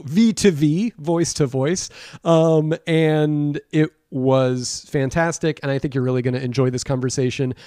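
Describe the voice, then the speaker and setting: A man hosting a podcast with a fairly high voice, rambling with warm enthusiasm through a casual chat. He often breaks off mid-thought and starts again. The sound is dry and close, with no room around it. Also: smooth, no room sound. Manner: rambling, enthusiastic, self-interrupting. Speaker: podcast host.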